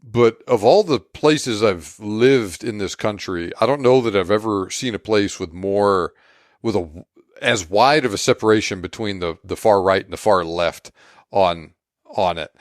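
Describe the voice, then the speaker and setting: Laid-back low-voiced man hosting a podcast. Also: measured pace, dry recording, clean studio sound. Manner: laid-back, laughs often, says "man". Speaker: podcast host. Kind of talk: casual podcast chat.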